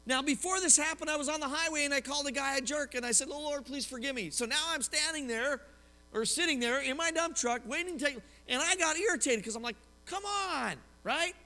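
A man, preaching a lively sermon as a pastor, telling personal stories and asking the congregation questions. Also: extremely high pitch, quick pace. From Oklahoma, US. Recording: long hall reverb.

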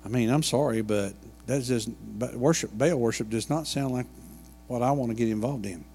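A man's voice: medium pitch, moderate pace, a little mellow, big-room sound, soft background music. A man preaching a sermon and retelling a Bible story in a folksy way, full of asides and homey jokes. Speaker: pastor. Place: church sanctuary.

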